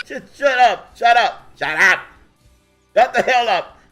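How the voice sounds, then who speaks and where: A man with a high, lively voice hosts a casual livestream. He talks loudly and laughs often, teasing the others in playful banter. Faint music plays underneath. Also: takes it slowly. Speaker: host.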